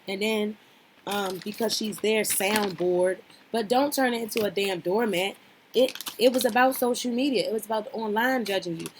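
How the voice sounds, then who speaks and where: A woman's voice: mid-range voice, moderate pace, noisy background. A woman giving casual, opinionated commentary as a vlogger, blunt and swearing freely, talking straight at the people she discusses and repeating herself for emphasis. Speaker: reality show recap vlogger.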